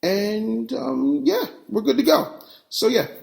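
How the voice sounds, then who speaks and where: A man's voice: very high-pitched, takes it slowly, vocal fry, a little mellow. A man hosting a business podcast, talking in a brash, in-your-face, streetwise way. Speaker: podcast host and business coach. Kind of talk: casual podcast talk and ad reads.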